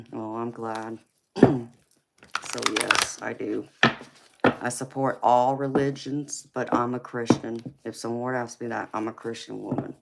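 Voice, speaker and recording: A woman's voice: a bass voice, little pitch movement, a little slow, gravelly, heavy background noise. A woman with a heavy Southern drawl, hosting a casual live stream and calling her viewers honey and sweetheart. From California, raised in Georgia. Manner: affectionate, calls viewers honey and babe. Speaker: tarot reader and livestream host.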